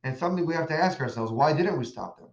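A man's voice: a little high, expressive, fast. A man teaching a religious lesson, telling stories and asking emphatic rhetorical questions, in an echoey, dull recording. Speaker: Torah teacher. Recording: echoey room, dull lo-fi sound.

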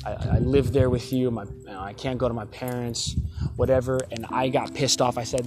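Young man, confessional vlog, heated and rambling, average pitch, loud guitar bed. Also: steady tone, a little fast. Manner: rambling, frequent restarts, swearing, heated. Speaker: store worker venting. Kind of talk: personal confessional monologue. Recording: loud guitar music behind the voice.

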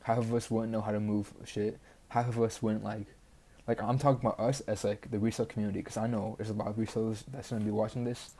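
A man's voice: on the low side, flat delivery, quick pace, mellow. A teenage boy hosting a casual solo podcast, rambling bluntly with constant "like" fillers and a frustrated edge. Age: teens. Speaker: podcast host.

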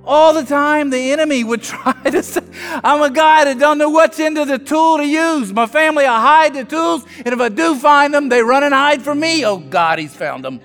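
A man from South Louisiana preaching a sermon, telling self-mocking stories with animated humor. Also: extremely high pitch, moderate pace, long reverb tail, soft background music. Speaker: pastor.

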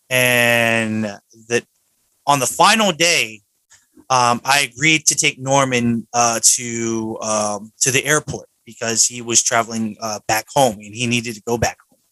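This podcast host, recording in a home studio, has a medium-pitched, sharp voice captured on a dry, rough recording. His casual chat is jokey and rambling, loaded with fillers.

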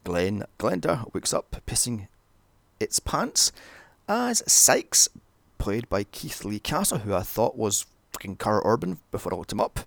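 Sarcastic British man with a gravelly voice. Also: fairly low pitch, very animated, a little slow, no echo. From Britain. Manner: sarcastic, profane, wandering asides. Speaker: film reviewer. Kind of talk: sweary comedic movie recap.

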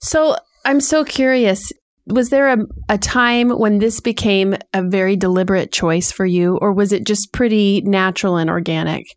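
A woman co-hosting a podcast, encouraging her guest and quick to laugh and affirm. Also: medium pitch, dry recording, clean studio sound. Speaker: podcast co-host. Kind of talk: casual interview conversation.

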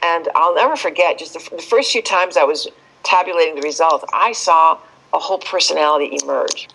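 A woman speaking as an expert guest in a podcast interview, telling stories with lively shifts and acting out quoted voices. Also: deep voice, a little fast, vocal fry, low-quality recording.

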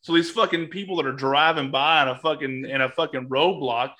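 A man telling a profane, animated story in casual podcast chat, acting out what other people said. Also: a little high, a little fast. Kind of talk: crude comedic storytelling.

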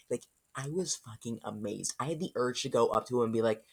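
Very low-voiced laughing woman. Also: brisk, creaky, hardly any pauses, darkish tone, breathy edge. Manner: laughs often, swears casually, storytelling. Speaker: podcast host. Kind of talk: casual chat.

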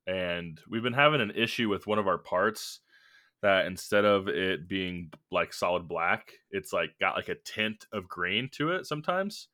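A man's voice: deep voice, bright, forceful tone. A young man co-hosting a podcast, casually telling a work story in a rambling way with lots of fillers and restarts. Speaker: podcast co-host.

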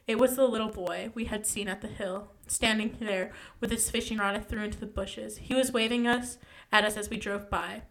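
A woman's voice: medium pitch, fairly bright tone. A young woman casually reading a ghost story aloud, stumbling and correcting herself as she goes.

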